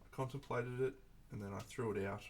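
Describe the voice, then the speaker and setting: A man's voice: medium pitch, fairly even intonation, a little fast, a little hiss or hum. A man chatting casually on a live stream while painting miniatures, reflective and rambling, often restarting his sentences. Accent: Australian.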